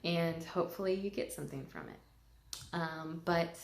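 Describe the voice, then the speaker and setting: A woman's voice: lowish voice, measured pace, vocal fry, a little hiss or hum. A woman talking casually and candidly in a personal vlog, getting emotional and swearing freely. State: tearful at times. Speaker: vlogger. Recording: echoey room.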